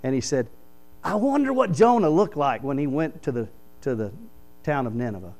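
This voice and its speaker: A man, a pastor preaching a sermon in church, reading scripture aloud and explaining it with animated stories. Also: medium pitch, moderate pace, rough recording. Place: church sanctuary.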